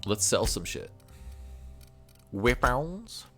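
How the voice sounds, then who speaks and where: Male gaming streamer, lowish voice, casual and rambling, game music behind. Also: lively intonation, moderate pace, a bit bright. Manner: laid-back, thinking aloud, repeats words. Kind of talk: casual gameplay commentary. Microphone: USB desk microphone.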